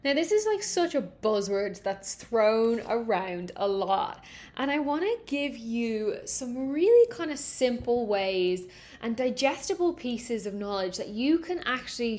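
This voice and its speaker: A woman hosting her own podcast, talking in a chatty, upbeat and animated way. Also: a little high. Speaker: podcast host, holistic gut coach. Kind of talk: casual podcast chat.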